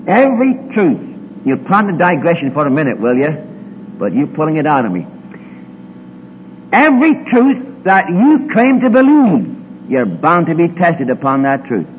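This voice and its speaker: A man preaching in a large hall, his fairly high voice leaping and dropping as he stresses each point. The recording is tinny and lo-fi, with a long reverb and a faint hum underneath. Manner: swings between emphatic rises and quiet low asides. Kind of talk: sermon.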